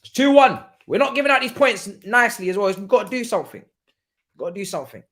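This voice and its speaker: Excitable slangy young man, rather high voice. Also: quick pace. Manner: excitable, slangy, laughs often, swings loud and quiet. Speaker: livestream watchalong host. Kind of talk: live football watchalong chat.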